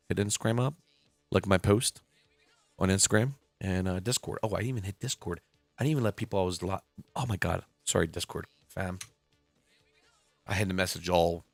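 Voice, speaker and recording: A man's voice: low voice, vocal fry, a bit bright, no echo. A man in his forties talking casually and rambling on a live stream, swearing now and then. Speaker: reptile keeper and live streamer. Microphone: computer mic at a desk. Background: faint background music.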